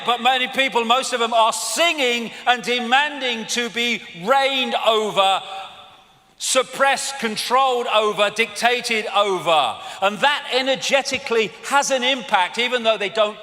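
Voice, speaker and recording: An English man giving a live seminar lecture, animated and mocking, swearing freely. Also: extremely high pitch, unhurried. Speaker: seminar speaker. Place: lecture hall with audience. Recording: long hall reverb, faint audience.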